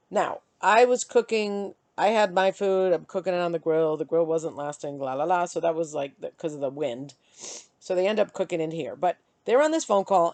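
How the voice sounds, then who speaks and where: A middle-aged woman vlogging, chatty and animated as she tells and vents about her day. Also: medium pitch, no echo. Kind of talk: casual storytelling to camera.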